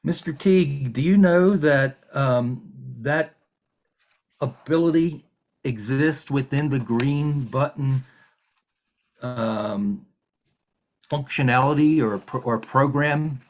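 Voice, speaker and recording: Man, hearing examiner, formal proceedings, measured pace, hesitant fillers, mid-pitched voice.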